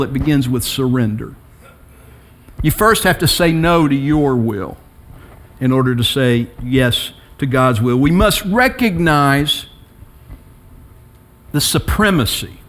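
A middle-aged man gives a sermon as pastor, his voice on the high side, alternating quiet reflection and emphatic rises as he tells personal stories.

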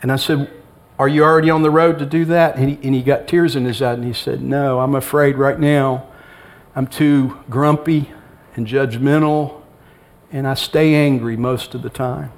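Speaking at a normal pace in a steady, mid-range voice, a middle-aged pastor delivers a sermon to a congregation in the church sanctuary. He keeps it conversational and humorous, playing out bits of dialogue.

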